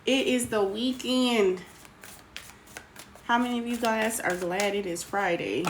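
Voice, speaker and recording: A woman's voice: fairly high pitch, a little slow. A woman hosting a casual live tarot stream, greeting viewers by name and calling them sweetheart. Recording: noisy home recording.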